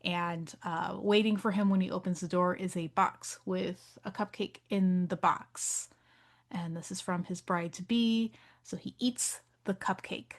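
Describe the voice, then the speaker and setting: A woman co-hosting a podcast, recapping a film plot in casual chat. She tells it in an animated way and laughs easily. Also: lowish voice, unhurried. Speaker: podcast co-host.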